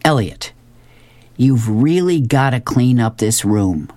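A woman voicing a patient, exasperated father explaining things slowly to his son. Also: extremely low pitch, animated, dark tone, dry recording, heavily acted.

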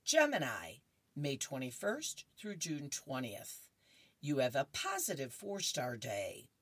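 With a rumbling low voice and no echo, a woman reads horoscopes and newspaper comics aloud like a radio host. She's chatty and amused, tossing in asides and laughing between strips.

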